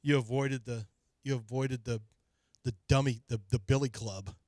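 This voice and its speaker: A man hosting a sports radio show in casual banter, opinionated and quick to mock with high voices. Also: fairly even intonation, a little mellow, no echo, clean studio sound. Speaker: radio sports talk host. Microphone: studio microphone.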